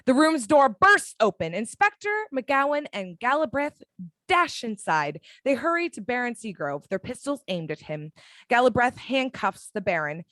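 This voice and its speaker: A woman reading a screenplay's action descriptions as narrator of a fan audio drama, in a dramatic, measured way. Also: fairly high pitch, very animated, fairly bright tone, dry recording.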